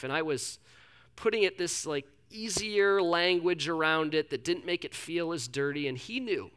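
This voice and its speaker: A man's voice: fairly high pitch, pushed and bright. A young man preaching a sermon, telling candid personal stories with frequent restarts and repetitions. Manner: candid, self-deprecating storytelling with many restarts. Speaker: pastor.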